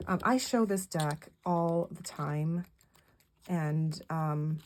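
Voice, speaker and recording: A woman's voice: low voice, extremely slow, slight background noise. A middle-aged woman, rambling through a casual monthly recap vlog with lots of fillers and restarts. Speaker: vlogger.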